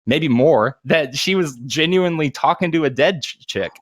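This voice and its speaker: A man's voice: a little high, animated, moderate pace. A man in his thirties, a podcast co-host telling casual, profane, rambling anecdotes. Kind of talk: casual storytelling chat.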